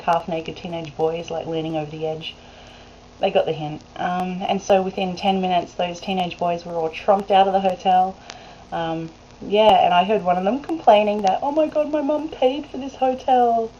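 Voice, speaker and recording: A woman's voice: fairly low pitch, warm tone. Chatty woman vlogging. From Australia. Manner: chatty, rambling, laughs often. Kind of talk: casual chat to camera. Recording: dull lo-fi webcam recording with faint hiss.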